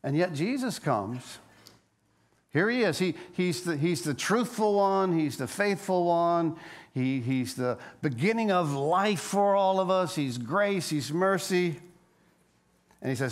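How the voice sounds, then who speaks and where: A man preaching a sermon as a pastor, telling a story with lively energy and frequent stammered restarts. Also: high voice, unhurried.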